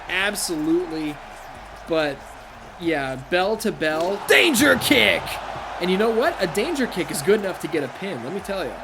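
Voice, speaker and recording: A man commentating his own video game playthrough, excitable and profane, shouting at big moves, with game music behind. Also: high-pitched, background noise. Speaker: gaming youtuber. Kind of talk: let's-play commentary.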